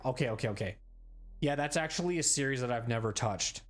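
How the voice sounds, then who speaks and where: A man's voice: mid-range voice, expressive, fast. A man in his forties chatting casually on a gaming live stream, rambling, repeating himself and poking fun at himself. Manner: rambling, self-deprecating, repeats phrases. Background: faint background music.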